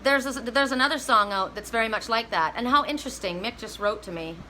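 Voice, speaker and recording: A woman's voice: on the high side, a little fast, pushed and bright, a little hiss or hum, low-quality recording. A woman giving a live oracle card reading, chatty and emotional, breaking into bits of songs.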